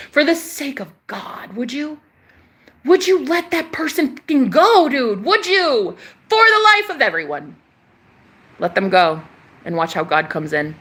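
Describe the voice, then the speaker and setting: A woman giving an impassioned, profane spiritual pep talk, repeating phrases for emphasis and swinging between loud outbursts and soft murmured prayers. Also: sits high, sing-song, measured pace. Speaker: spiritual channeler.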